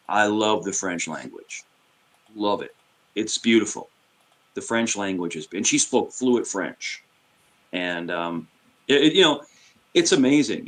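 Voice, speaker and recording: A man in his fifties with a New York accent, rambling in casual chat and often restarting his sentences. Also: lowish voice. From New York City. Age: 50s.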